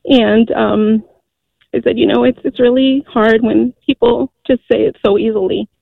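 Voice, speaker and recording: A middle-aged woman calls in over a tinny phone line, her voice a little high. She speaks earnestly and haltingly, with frequent fillers. The sound is dry and close. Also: steady tone, vocal fry, no room sound. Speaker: caller. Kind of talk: call-in radio testimony.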